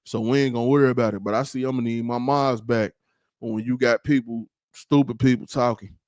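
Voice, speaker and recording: A man hosting his own livestream, ranting in a loose, slangy, rambling way with plenty of animated asides. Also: mid-range voice, fairly quick, no echo, clean studio sound. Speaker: livestream host. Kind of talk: casual livestream rant.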